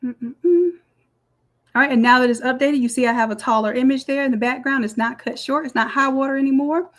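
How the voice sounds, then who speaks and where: A woman walking through a design software tutorial step by step in a chatty, explaining way. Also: high voice, steady tone, fast talker. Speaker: design instructor. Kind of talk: screen-recorded software tutorial.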